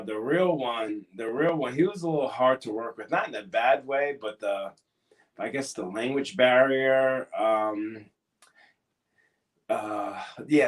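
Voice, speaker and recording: Man, wrestler guest, mid-pitch, earnest, pauses and restarts often, warm encouragement. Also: animated. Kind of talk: casual live Q&A interview.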